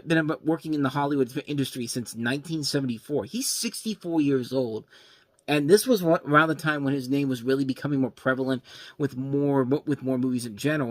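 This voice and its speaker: A man's voice: medium pitch, dry recording. A man hosting a casual movie review show, rambling and tripping over names as he goes.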